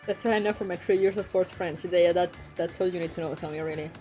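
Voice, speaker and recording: A young woman streaming and chatting casually, frank and quick to swear, laughing often. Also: lowish voice, dark tone. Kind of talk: casual chat. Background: faint background music.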